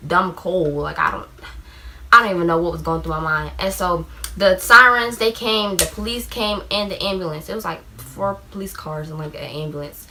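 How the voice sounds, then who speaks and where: A young woman telling a personal story in a casual vlog, rambling with lots of "like" and acting out shouted quotes. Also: lowish voice, steady tone, normal speed, a little hiss or hum. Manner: rambling, heavy use of "like", acts out shouted quotes. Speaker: vlogger.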